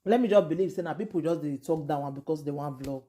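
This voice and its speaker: A woman with a Nigerian accent talks gossip to her channel, exclaiming and asking questions back to the viewer. Her voice sits low and mellow. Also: fast. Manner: exclamatory, mixes English with Nigerian Pidgin. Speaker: YouTube gossip vlogger. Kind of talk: animated gossip commentary.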